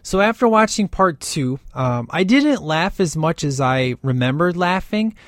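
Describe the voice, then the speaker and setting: Male film reviewer, casual and chatty, fairly high voice, filler-heavy, dead-dry sound. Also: animated, measured pace, no room sound. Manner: rambling and enthusiastic, many fillers.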